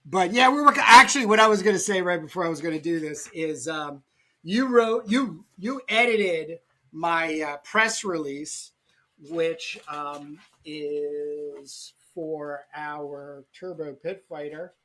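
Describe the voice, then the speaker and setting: A man hosting a casual podcast chat, talking quickly and rambling with many restarts. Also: on the high side, sharp tone. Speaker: podcast host.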